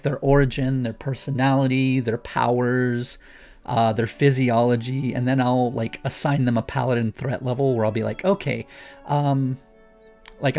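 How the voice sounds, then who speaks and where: A man's voice: medium pitch, a little mellow. A man speaking as a guest in a casual chat, explaining things eagerly and rambling with many restarts. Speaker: guest author.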